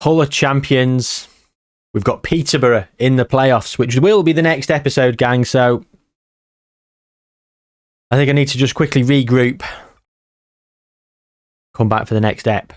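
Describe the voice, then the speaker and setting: A man, tired, giving casual commentary on a football management game and muttering player names between bursts of excitement. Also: medium pitch, measured pace, long pauses, no echo, clean studio sound. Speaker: gaming channel host.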